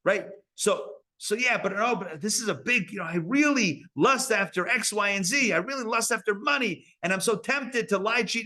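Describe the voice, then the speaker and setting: Animated man teaching a lively Torah class. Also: high voice. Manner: animated and conversational, with playful asides to the audience. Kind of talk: live Torah lecture. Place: community Torah center before a live audience.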